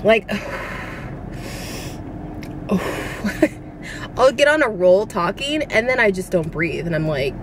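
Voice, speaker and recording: A woman's voice: medium pitch, big pitch swings, slow, long pauses, noisy background. Breathless, chatty young woman vlogger. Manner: rambling, giggly, confiding, with lots of fillers. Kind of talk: casual chatty vlog.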